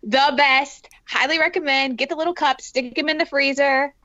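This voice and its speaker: A woman's voice: high-pitched, fairly even intonation, moderate pace, bright, forceful tone, no room sound, highs cut off. A woman co-hosting a casual podcast, giggly and playful as she chats. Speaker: podcast co-host. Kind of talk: casual chat.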